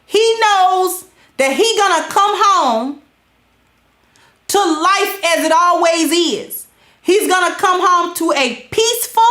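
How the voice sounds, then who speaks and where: A woman with gives casual advice. She talks in a high, unhurried voice, laughs often and acts out little scenes. The room around her sounds echoey. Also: pushed and bright. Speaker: podcast host.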